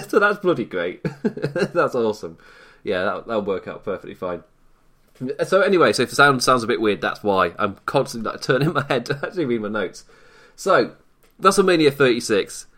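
A man's voice: mid-range voice, sing-song, normal speed, fairly bright tone. A young British man hosting a wrestling podcast from home, chatty and self-deprecating, laughing often while he talks. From Britain. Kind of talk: casual solo commentary. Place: at home in isolation. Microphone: desk mic off to one side.

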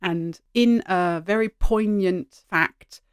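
A middle-aged woman hosting a solo podcast, talking in an animated, heartfelt way from behind a microphone at home. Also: lowish voice, slow, smooth, no echo, studio quality. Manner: animated, heartfelt, gently emotional. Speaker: podcast host. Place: sitting at home. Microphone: studio microphone.

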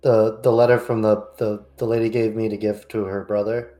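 A man playing a tabletop game, speaking haltingly and repeating words. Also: on the low side, little pitch movement, warm tone. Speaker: player. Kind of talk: casual chat.

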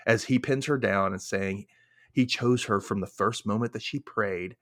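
Male podcast host, low register, loose chatty recap voice with dramatized quotes. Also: normal speed, a bit bright. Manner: chatty, many fillers, acts out quotes. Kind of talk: casual TV recap chat.

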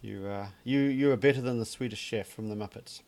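A man's voice: medium pitch, a little fast, darkish tone. Joking, chatty male podcast host. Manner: dry, joking, chatty with fillers. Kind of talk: casual chat.

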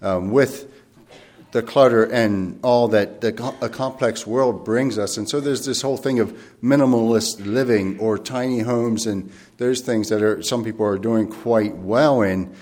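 A man preaching a sermon in a thoughtful, earnest way, pausing and rephrasing as he goes, and reading scripture aloud slowly and formally. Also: lowish voice, a little mellow.

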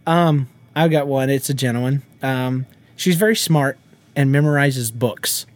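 A man's voice: medium pitch, unhurried. Laughing man telling stories about his kids. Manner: laughing storyteller who acts out quotes and sings nonsense beats. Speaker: podcast co-host. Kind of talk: casual chat.

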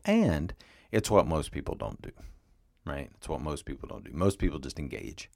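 A man's voice: a bass voice, sing-song, moderate pace, gravelly, darkish tone, no room sound, studio quality. A man hosting a solo advice podcast, speaking earnestly and addressing the listener directly. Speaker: podcast host, relationship coach.

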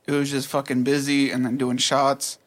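A man's voice: mid-range voice, completely flat delivery, moderate pace. A man co-hosting a podcast, venting bluntly about work with heavy swearing. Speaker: podcast co-host. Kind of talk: casual chat.

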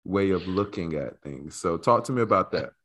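A man hosting a podcast in easy conversation, joking and teasing his guest. His voice sits on the low side. He talks freely and loosely. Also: animated, moderate pace, fairly bright tone. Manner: playful, teasing and talkative. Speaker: podcast host. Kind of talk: casual interview chat. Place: away from his studio, on the road.

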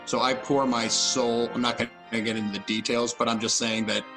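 A man's voice: medium pitch, little pitch movement, a little fast, over music, rough recording. A young man co-hosting a podcast, telling a story in a casual, self-mocking way. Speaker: podcast co-host. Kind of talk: casual chat.

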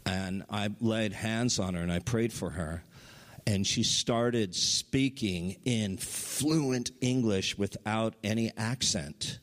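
A man preaching a sermon, telling stories with excitement and his voice jumping up high at the big moments. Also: slow pace, in a large hall. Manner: excited storytelling, voice rising high at highlights. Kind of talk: sermon testimony.

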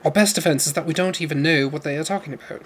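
Hushed, urgent young woman read by a man, slightly raised pitch, audiobook. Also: very fast, a little hiss or hum, lightly acted. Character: earnest young woman diamond courier, urgent. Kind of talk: audiobook character voice.

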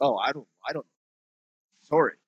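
A man's voice: mid-range voice, expressive, moderate pace, breathy edge, dry recording, muffled recording. A man co-hosting a podcast in a temporary studio, chatting casually, joking, laughing often and swearing freely. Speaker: podcast co-host. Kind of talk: casual chat.

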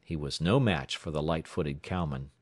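Male audiobook narrator, very low pitch, steady measured read, dry close sound. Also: dry recording.

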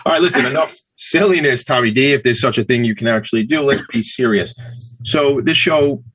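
A man's voice: medium pitch, a little fast, a bit bright, husky, no room sound. A man co-hosting a show, chatting casually in a playful, joking way. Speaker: podcast co-host. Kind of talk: casual chat.

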